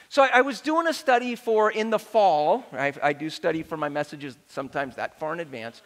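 A middle-aged male pastor preaching a sermon to his congregation, animated and joking, getting the crowd to respond. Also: sits high. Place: large church hall. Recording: reverberant church hall.

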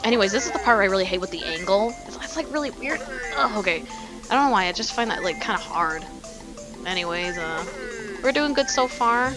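Woman gamer, lively and rambling; casual let's play commentary with swearing. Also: mid-range voice, brisk, music in the background.

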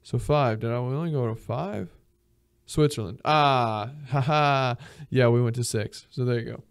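A man's voice: medium pitch, moderate pace, clear, resonant tone, no room sound, clean studio sound. A man as a podcast guest, telling rambling, profane stories in casual chat. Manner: profane, rambling, acts out voices in his stories. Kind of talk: casual storytelling.

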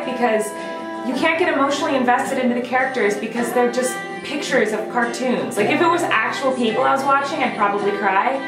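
A woman hosting a casual vlog, giving wry, sarcastic running commentary. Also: fairly high pitch. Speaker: vlog host. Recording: roomy echo with background music.

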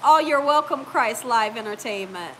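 Woman, host, high bright voice, chatty and laughing, nagging cough. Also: animated, a little hiss or hum, low-quality recording. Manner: chatty, warm-hearted, quick to laugh. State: lingering cough. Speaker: cooking channel host. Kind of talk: casual live-stream chat, reading viewer comments.

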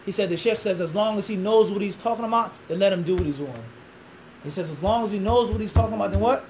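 A man telling a long story as an interview guest, animated, acting out quoted dialogue and throwing in rhetorical questions. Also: high voice, fast, a little hiss or hum, rough recording.

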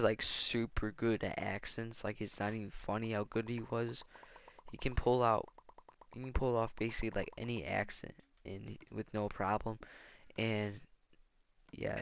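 A man with a low, gravelly voice talks his way through a building game in loose let's-play commentary. He rambles and thinks out loud as he goes. The sound is dry and close. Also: no room sound. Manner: rambling, thinks aloud while playing. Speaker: gaming channel host.

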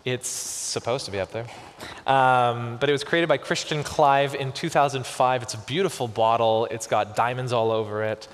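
A man preaching a sermon as pastor, with expressive delivery and slow, emphatic pauses on key words. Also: medium pitch, a little hiss or hum. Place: church sanctuary. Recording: long church reverb.

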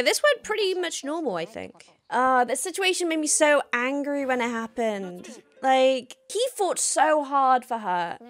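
A high-voiced woman reacting to a show as she watches it, her pitch swinging all over as she gushes and exclaims. The show's music runs faintly behind her. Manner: emotional, gushing, exclaims and laughs often. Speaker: reaction video host. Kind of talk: casual reaction commentary.

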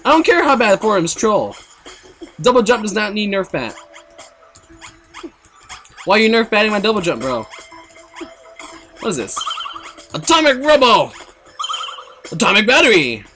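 A young man giving jokey, excitable commentary while playing a video game, with sudden outbursts. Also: sits high, normal speed, pauses often, soft background music. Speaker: let's play gamer. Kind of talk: goofy gameplay commentary.

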